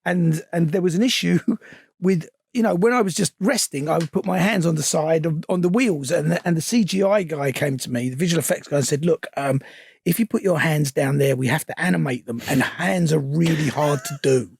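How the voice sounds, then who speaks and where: A middle-aged man with a gravelly, husky voice, a film director chatting as an interview guest, stumbling over restarts and growing animated as he tells anecdotes. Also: fairly high pitch, brisk, no echo, clean studio sound. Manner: hesitant restarts, animated when telling stories. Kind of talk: casual anecdote-telling.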